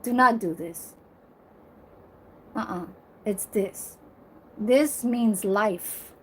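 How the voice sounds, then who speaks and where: A woman's voice: medium pitch, very slow, a little hiss or hum. A woman in her forties talking to camera in a blunt, emphatic, profane way. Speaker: vlogger. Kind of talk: casual monologue to camera.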